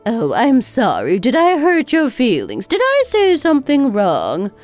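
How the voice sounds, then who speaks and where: A woman's voice: mid-range voice, sing-song, normal speed, faint music behind, lightly acted. A woman voicing a harsh, sarcastic older mother-in-law in a dramatized story. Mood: scornful. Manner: cutting, sarcastic.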